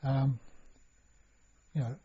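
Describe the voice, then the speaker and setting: A man's voice: mid-range voice, flat delivery, extremely slow, mellow, husky. An older man recalling his past in an oral history interview, rambling with many restarts and fillers. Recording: dull lo-fi recording.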